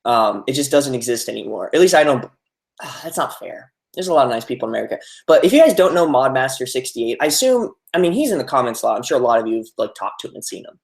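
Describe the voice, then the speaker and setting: A man's voice: medium pitch, sing-song, quick pace, vocal fry. A young man chatting casually on a live stream, reading out viewer comments, with many fillers. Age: young adult. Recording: roomy echo.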